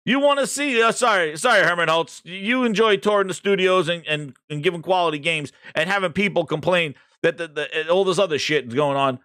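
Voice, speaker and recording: High, bright-voiced ranting male streamer. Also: lively intonation, moderate pace, few pauses, no echo, studio quality. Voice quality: profane, mocking. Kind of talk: ranting game commentary.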